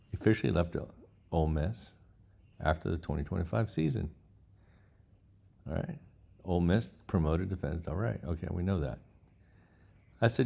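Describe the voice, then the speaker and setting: A man's voice: sits low, gravelly, a little mellow. A man hosting a casual vlog, reading chatbot replies aloud with incredulous asides. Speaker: host.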